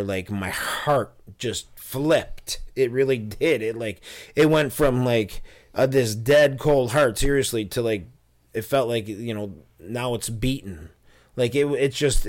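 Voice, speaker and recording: A man telling his personal testimony in an interview, earnest and storytelling, with many fillers and restarts. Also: on the low side. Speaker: interview guest.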